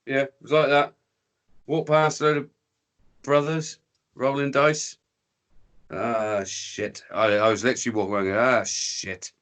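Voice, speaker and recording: A man's voice: medium pitch, steady tone, normal speed, long pauses, a bit bright, clean tone. An English man telling a rambling, sweary story in casual podcast chat, breaking into voices for the people in it. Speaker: podcast guest.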